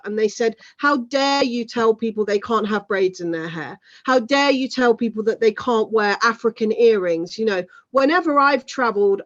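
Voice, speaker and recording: A woman's voice: a little high, highs cut off. A woman in her thirties, a guest in an interview, chatting at length with many "you know" asides. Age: 30s. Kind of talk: casual conversation.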